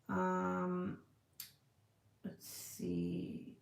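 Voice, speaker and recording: A woman hosts a casual livestream from an indoor room, selling scented products and answering viewer comments in a chatty, profane way. Her voice is on the low side at a normal speed, and the room sounds echoey.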